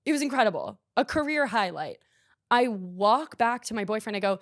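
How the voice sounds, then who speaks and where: A woman's voice: medium pitch, expressive, moderate pace, dry recording, studio quality. A young woman hosting a podcast, telling a rambling, self-deprecating story in casual chat, full of "like". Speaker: podcast host.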